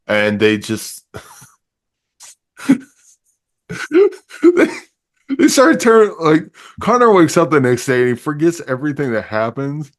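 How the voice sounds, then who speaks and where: A man reviewing a movie in casual chat, rambling and laughing often as he acts out scenes. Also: mid-range voice.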